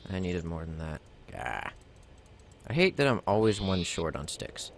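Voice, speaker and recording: A man's voice: low voice, big pitch swings, measured pace, vocal fry, a little hiss or hum. A man giving casual gameplay commentary, rambling and self-mocking as he talks himself through crafting. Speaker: let's play gamer.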